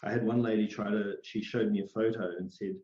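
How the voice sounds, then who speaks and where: A middle-aged man, an interview guest, telling personal stories in an animated way and acting out the voices he quotes. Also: fairly low pitch, fairly quick. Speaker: interview guest, psychic medium. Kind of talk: storytelling in a conversational interview. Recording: roomy, dull lo-fi sound.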